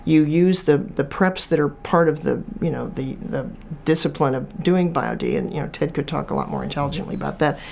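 A woman's voice: low-pitched, a little fast, gravelly, hardly any pauses, darkish tone, slight background noise. A woman author, talking casually as an interview guest and telling stories with lots of fillers and restarts. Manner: chatty storyteller, many restarts and fillers. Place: from Chicago.

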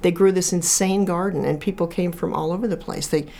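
A woman's voice: lowish voice, steady tone, a little fast, creaky, dark tone. A woman author, talking casually as an interview guest and telling stories with lots of fillers and restarts. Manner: chatty storyteller, many restarts and fillers. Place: from Chicago.

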